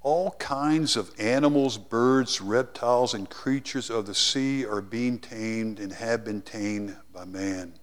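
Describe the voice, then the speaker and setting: A middle-aged man preaching a sermon, swinging from loud emphatic lines to hushed ones and telling a personal story. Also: mid-range voice, slow, hardly any pauses.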